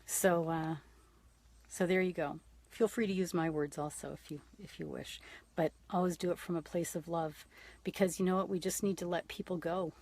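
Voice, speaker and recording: A woman in her late fifties chats to her livestream viewers in a husky, slightly breathy voice. Her voice sits on the low side. She talks frankly, swearing freely and addressing viewers directly. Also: steady tone, moderate pace, a little mellow. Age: 50s. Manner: frank and profane, talking straight to viewers. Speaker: livestream host. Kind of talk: casual livestream chat.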